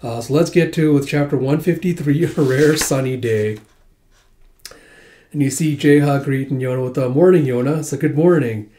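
A man's voice: medium pitch, steady tone, normal speed, warm tone, a little hiss or hum. A man casually reading through a manga volume, retelling the dialogue with frequent laughs and filler. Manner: chatty, laughs often, reads dialogue with "he's like". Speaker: manga reader.

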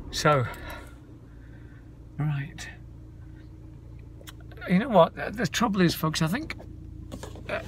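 This vlogger's fairly high-pitched voice comes through a little hiss or hum as he walks around town outdoors, filming himself on a handheld phone. He rambles casually, calling his viewers folks.

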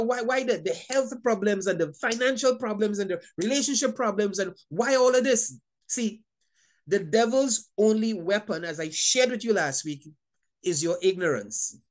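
A woman preaching a Bible lesson in an emphatic, repetitive way, often stammering over words and laughing between points. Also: fairly high pitch. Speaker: Bible teacher. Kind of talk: sermon teaching.

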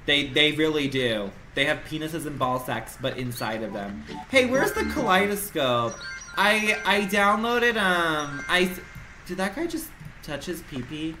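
A man's voice: fairly high pitch, animated, measured pace, pushed and bright, slight background noise. A young man livestreaming a game, rambling in a campy, dramatic, profane way at home. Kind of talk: casual game commentary.

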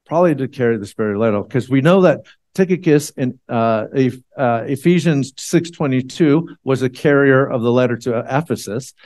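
Male church elder, mid-pitched, dry close sound, chatty sermon delivery with ums and restarts. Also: normal speed, darkish tone, no echo. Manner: conversational, with frequent fillers and restarts.

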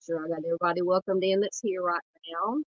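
A woman with a Southern US accent hosting a true crime livestream, earnest and halting, with a nasal, scratchy voice from a cold. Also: on the low side, steady tone, no room sound, lo-fi sound. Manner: earnest, halting, many fillers, greets chat by name. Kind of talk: casual livestream talk.

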